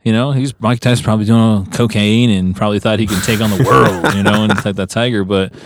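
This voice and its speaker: A man's voice: on the low side, steady tone, fairly quick, a little hiss or hum. A young adult man co-hosting a podcast, rambling through stories with constant fillers. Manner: rambling, filler "like" in nearly every line, laughs often. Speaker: podcast co-host. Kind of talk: casual podcast chat. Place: podcast studio.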